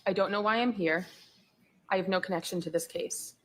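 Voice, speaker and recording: A woman's voice: mid-range voice, brisk, low-quality recording. A female police officer testifying on the stand, giving guarded, short answers. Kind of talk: courtroom testimony.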